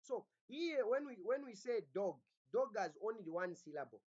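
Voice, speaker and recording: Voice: mid-range voice, sing-song, normal speed, a little mellow. A lecturer, teaching phonology. Throughout, the lecturer asks the class to fill in words and keeps checking that everyone is following. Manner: asks rhetorical "what?" questions for the class to fill in; repeats "are we together?" to check understanding. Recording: dull lo-fi recording.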